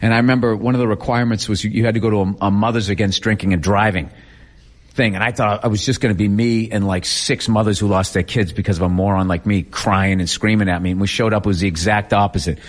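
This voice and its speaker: A man's voice: fairly low pitch, fast talker. Profane, laughing man telling stories. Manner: profane, animated, laughing storyteller. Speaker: comedian guest. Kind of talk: casual interview storytelling.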